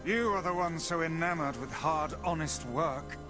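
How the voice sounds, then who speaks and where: An actor playing a pompous talking magic book, speaking in grand, formal words in a video game. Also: male voice, on the high side, normal speed, close to an everyday voice. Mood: haughty. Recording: game audio under music.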